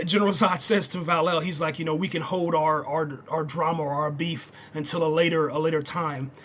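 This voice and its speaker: A man giving a casual, excitable, unscripted TV review, dropping "man" into nearly every sentence. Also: sits high, a little hiss or hum. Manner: excitable, says "man" constantly. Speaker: TV show reviewer.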